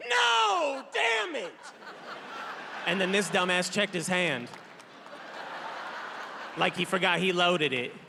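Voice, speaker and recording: A man in his thirties doing a loud, playful stand-up comedy set on a large theater stage, acting out characters. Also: high voice, unhurried, long pauses. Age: 30s. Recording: long hall reverb, crowd noise.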